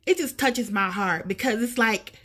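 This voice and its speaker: Woman vlogging outside, high sharp voice, all choked up and gushing. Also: normal speed, breathy edge. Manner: gushing, emotional, close to tears. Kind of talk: casual vlog. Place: outdoors in a neighborhood street.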